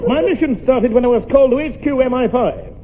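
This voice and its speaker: A man's voice: quick pace, crowd noise. A man playing a bumbling, giggling male secret agent in a 1950s radio comedy. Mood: foolish. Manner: silly, giggling, voice jumping up high. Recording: tinny old radio recording with hiss.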